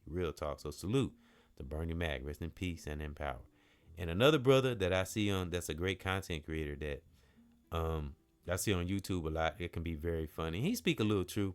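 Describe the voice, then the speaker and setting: A man's voice: low voice, fairly bright tone. A man hosting his own channel, casually rambling about comedians he likes, with slang and frequent self-corrections. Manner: slang-heavy street talk. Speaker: channel host. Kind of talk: casual talk to camera about favorite comedians.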